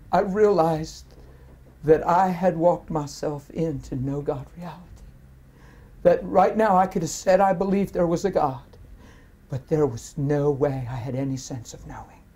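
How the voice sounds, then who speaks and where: Earnest man, mellow voice. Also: on the high side. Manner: earnest, animated storytelling with surges of feeling. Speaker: guest telling his testimony. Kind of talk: emotional personal testimony.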